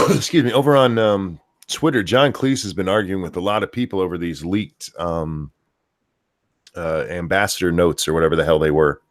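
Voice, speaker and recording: Low-voiced man with dry quips. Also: moderate pace, no room sound. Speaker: podcast co-host. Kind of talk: casual chat.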